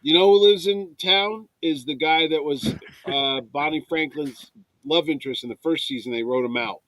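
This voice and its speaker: Male co-host, storyteller, bright slightly high voice. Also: moderate pace, no echo, poor audio. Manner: storytelling, fond of old TV trivia. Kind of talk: casual chat.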